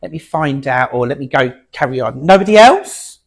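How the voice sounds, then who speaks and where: A man working as a medium before an audience at a spiritualist centre, talking in a chatty, halting way full of fillers and restarts. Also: medium pitch, lively intonation, vocal fry. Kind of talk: platform mediumship demonstration.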